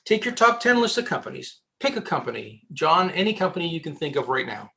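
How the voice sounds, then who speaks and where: A man, a headhunter giving casual career advice as a podcast guest, animated and joking, often restarting his sentences. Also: on the high side, fast talker, vocal fry.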